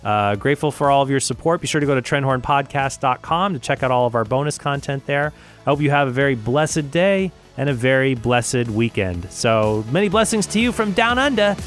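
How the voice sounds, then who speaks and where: Guy rambling thru a podcast story, lots of uhs, smooth voice. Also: medium pitch, a little fast, soft background music. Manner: rambling, storytelling with many fillers. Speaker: podcast host. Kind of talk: casual solo podcast monologue. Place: travelling in Australia.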